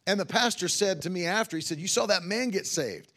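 With fervor and frequent cries of hallelujah, this itinerant revival preacher builds his sermon from testimonies, voicing other people's words himself. He speaks a little fast in a high, fairly bright voice.

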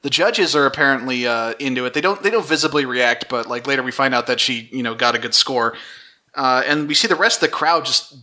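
A man's voice: mid-range voice, brisk, pushed and bright. A man hosting a podcast, casually recapping episodes with fillers and wry jabs.

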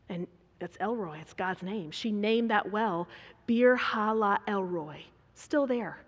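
A woman preaching a sermon, dramatic and swinging between hushed whispers and loud emphasis. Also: mid-range voice, slow pace. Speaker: speaker preaching to a women's gathering. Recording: long reverb of a large hall.

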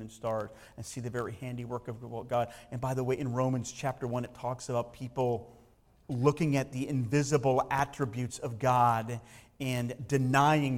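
A man's voice: medium pitch, in a large hall. A man preaching a sermon in an emphatic way, often repeating words for stress. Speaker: pastor.

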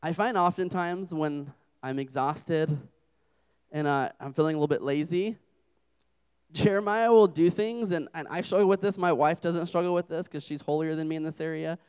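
A man's voice: fairly high pitch, normal speed, a little mellow, clean tone. A young adult man preaching a humorous sermon to a campus group, telling self-deprecating stories as a father. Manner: joking, self-deprecating storyteller.

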